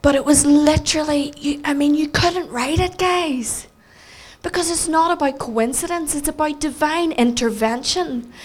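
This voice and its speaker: A woman's voice: high-pitched, normal speed. Northern Irish woman preaching with humour. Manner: animated, self-mocking storytelling with acted quotes. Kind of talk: storytelling sermon.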